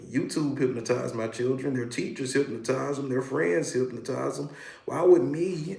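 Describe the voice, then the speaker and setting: A man's voice: fairly high pitch, vocal fry, a little mellow, echoey room. A man, a hypnotherapist, hosting a casual livestream, talking animatedly and greeting viewers by name.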